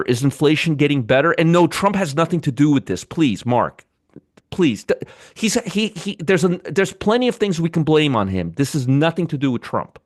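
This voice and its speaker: Man, trading show host, live market commentary, sarcastic, swears, lively pitch, dry sound. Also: dry recording. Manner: banters with live chat viewers; blunt, swears freely.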